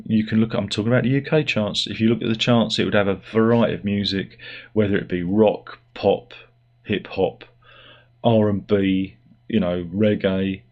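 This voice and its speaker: A man's voice: lowish voice, lo-fi sound. A middle-aged man giving a rambling, sardonic and self-deprecating opinion monologue as host of his own channel. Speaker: YouTube host.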